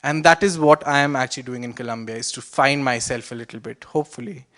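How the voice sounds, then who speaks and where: A man's voice: medium pitch, fairly even intonation, fast, a bit bright. A young man with an Indian accent telling a personal story on stage, reflective and wry. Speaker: student storyteller.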